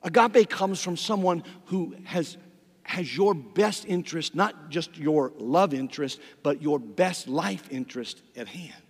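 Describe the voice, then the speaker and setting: An older man preaching a sermon as pastor, emphatic, repeating words and swinging from loud passages to quiet ones. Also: a little high, measured pace. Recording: long reverb of a large hall.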